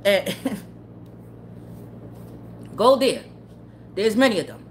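A woman who streams tarot readings rants bluntly to her live chat, casual and full of profanity, heated and often laughing. Her mid-range voice is very animated but slow, with a faint hiss or hum underneath.

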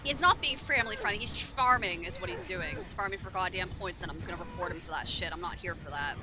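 A woman's voice: fairly low pitch, lively intonation, fast talker. A woman streaming a horror game, casually commenting, irritable and swearing a lot as she talks to herself and her chat. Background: game music.

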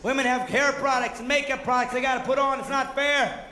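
A man performing energetic, mocking stand-up comedy on stage, acting out the voices he quotes. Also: extremely high pitch, a little fast. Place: theater stage before a live audience. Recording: roomy hall with audible audience noise.

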